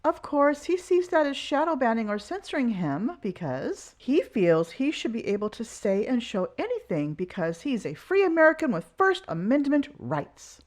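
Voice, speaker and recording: A woman's voice: high voice, big pitch swings, normal speed, few pauses. A woman giving critical, sarcastic commentary over video clips.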